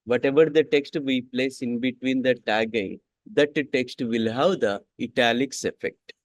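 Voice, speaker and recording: Slow man repeating every line. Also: mid-range voice, no room sound. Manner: repeats each sentence twice, slow and deliberate. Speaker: coding instructor. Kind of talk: classroom coding lesson.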